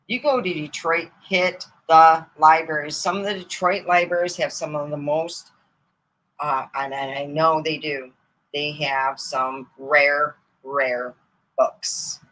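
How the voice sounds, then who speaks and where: Animated woman telling rambling comic stories. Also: sits low, slow, poor audio. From Michigan, US. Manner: animated, rambling, swings between loud outbursts and mutters; laughs at her own stories. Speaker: comedy storyteller. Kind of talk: casual comic storytelling.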